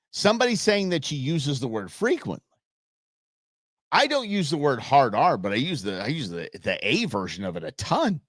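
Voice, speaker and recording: A man's voice: a little high, a bit bright, dry recording, studio quality. A man hosting a live stream, reacting bluntly to a TV clip and rambling with frequent restarts.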